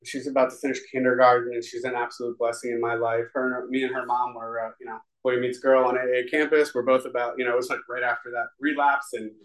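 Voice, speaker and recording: A man's voice: mid-range voice, little pitch movement, fast talker, hardly any pauses, a bit bright, rough recording. Rambling, earnest man sharing his story. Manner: rambling and conversational, full of fillers; earnest and confessional. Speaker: recovery meeting speaker. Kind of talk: personal testimony at a recovery meeting.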